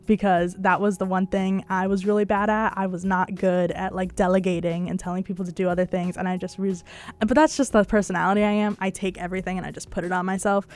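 A young woman hosts a college radio news show with a slightly croaky voice. She chats casually, fills pauses with "um" and laughs often between points. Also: mid-range voice, little pitch movement, darkish tone. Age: young adult. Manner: chatty, laughs often, fillers like "um".

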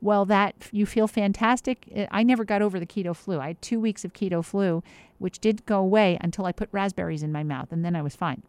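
A woman's voice: mid-range voice, a little fast, a little mellow, no echo. A woman giving casual health advice in an emphatic, chatty way, with many fillers and restarts.

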